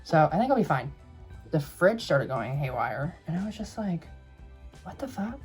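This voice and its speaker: A man's voice: a little high, very animated, normal speed, soft background music. A young man in drag telling a spooky story to camera in a sassy, profane, dramatic way.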